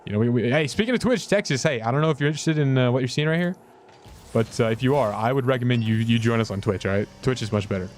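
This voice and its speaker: Young male streamer, mid-range voice, rambling self-mocking chatter, pitch jumps around. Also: fast, faint music behind. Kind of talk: casual gameplay commentary.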